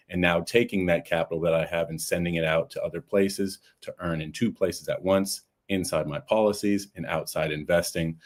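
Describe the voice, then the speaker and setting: A man working as an insurance coach, telling his own story in a casual chat in a steady, earnest way. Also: sits low.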